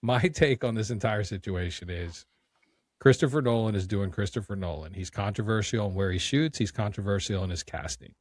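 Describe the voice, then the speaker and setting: Guy with a low voice on a movie podcast, opinionated rant, dry close mic. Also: a little fast, slightly rough, no echo. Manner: opinionated, ranting, joking. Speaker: podcast co-host. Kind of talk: casual movie podcast chat.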